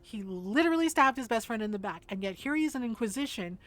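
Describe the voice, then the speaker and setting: Profane ranting woman streamer, higher voice. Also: expressive, quick pace, a bit bright. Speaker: game streamer. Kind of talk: casual stream commentary.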